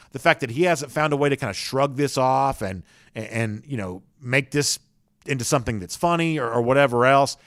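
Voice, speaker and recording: Male sports talk host, Southern American accent, mid-pitched, chatty and opinionated, dry close sound. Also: fairly bright tone, dry recording. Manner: chatty, opinionated, with frequent restarts. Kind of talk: live sports talk commentary.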